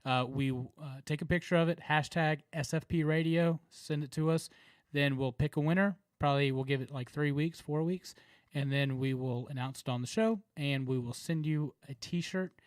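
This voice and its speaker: A man's voice: fairly high pitch, moderate pace, clean tone, no echo. A man with a Southern American accent co-hosting a podcast, chatting casually with laughs and lots of fillers. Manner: laughing, rambling, filler-heavy. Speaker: podcast co-host. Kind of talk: casual chat.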